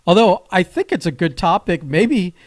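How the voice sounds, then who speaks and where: A man co-hosts a podcast in casual chat, cracking jokes and laughing often. His voice sits fairly high, and it is recorded dry, with almost no room echo. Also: animated, moderate pace. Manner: laughs often, jokey interjections. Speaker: podcast co-host.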